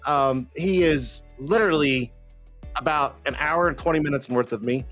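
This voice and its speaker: A man's voice: on the high side, moderate pace, a bit bright, soft background music. A man hosting a casual live online show, joking and teasing his guests and laughing often. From Colorado. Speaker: livestream show host.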